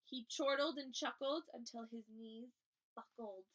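A woman's voice: fairly high pitch, unhurried, fairly bright tone, rough recording. A woman teacher reading a children's picture book aloud, expressively acting out the animals. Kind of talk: children's story read-aloud.

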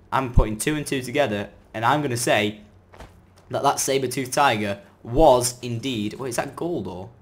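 A man giving chatty, excitable commentary as he plays a game, breaking into sudden loud outbursts. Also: mid-range voice. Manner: chatty running self-talk while playing. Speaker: gaming video creator. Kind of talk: let's-play gameplay commentary.

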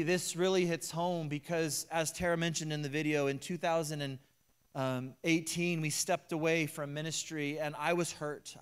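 A male pastor delivering a sermon, moving between loud emphatic preaching and hushed personal confession. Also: on the high side, clear, resonant tone. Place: church sanctuary.

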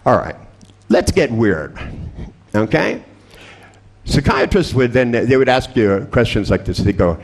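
A man leading a live workshop demonstration with a volunteer, joking, profane and irreverent as he coaches with quick instructions. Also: mid-range voice, sing-song. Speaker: seminar trainer.

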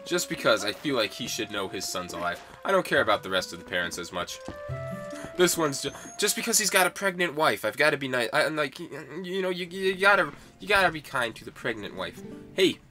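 A man's voice: mid-range voice, sing-song, brisk, music in the background. A young man casually commenting on a video game in a playful, rambling way. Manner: playful, rambling, chuckling asides. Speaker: let's-play gamer.

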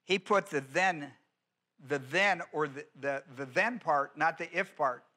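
A man preaching a teaching sermon, his voice bright and ringing and set a little higher than most men's. He presses each point by repeating it and keeps asking the congregation questions. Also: unhurried. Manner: emphatic teaching, repeats key words, asks the congregation questions. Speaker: pastor. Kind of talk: expository sermon.

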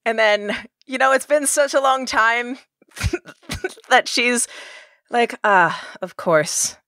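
Unhurried woman playing a tabletop game. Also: on the high side, a bit bright, no room sound, studio quality. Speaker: player. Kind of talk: casual tabletop play.

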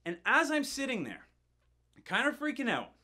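A middle-aged male pastor telling a story in a sermon, animated and building tension, often repeating words as he goes. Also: extremely high pitch, moderate pace.

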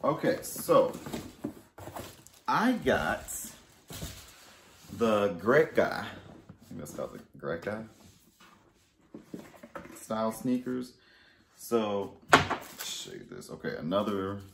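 Deep gravelly man, lively storytime vlog. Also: slow pace, long pauses, roomy sound, a little hiss or hum. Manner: animated, swinging between loud exclamations and muttered asides. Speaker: fashion haul vlogger. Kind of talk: casual storytime and unboxing.

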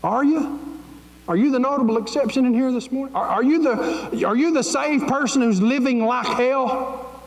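A man's voice: very high-pitched, normal speed. A man preaching a fervent, pleading sermon as pastor of his church. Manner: fervent, pleading, folksy preaching with Southern grammar. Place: church sanctuary. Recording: echoey church sanctuary with long reverb.

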